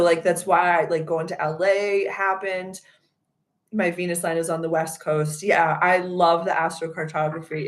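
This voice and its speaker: A young woman with a Boston accent hosting a casual astrology chat, rambling and animated as she tells stories and answers viewers. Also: lowish voice. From Massachusetts. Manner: rambling, animated storytelling with loud acted outbursts. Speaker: livestream host reading chat.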